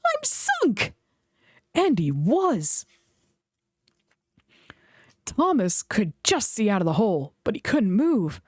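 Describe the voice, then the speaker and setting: A woman reads a children's storybook aloud with animated expression and a lively, swinging pitch. The recording is dry and close, with no room sound. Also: slow pace, long pauses, husky, no echo. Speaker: storybook reader. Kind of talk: reading a children's book aloud.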